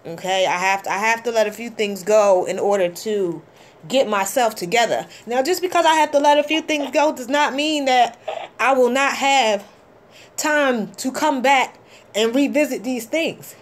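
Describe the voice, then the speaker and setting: A middle-aged woman hosting a call-in show, talking in a heartfelt, halting way with many ums. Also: fairly high pitch. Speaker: host. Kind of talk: casual call-in show talk.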